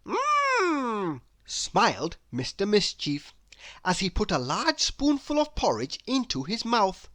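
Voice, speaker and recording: A woman reading a children's picture book aloud, in an expressive storyteller manner. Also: medium pitch, no echo. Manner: expressive, animated reading with slow pacing.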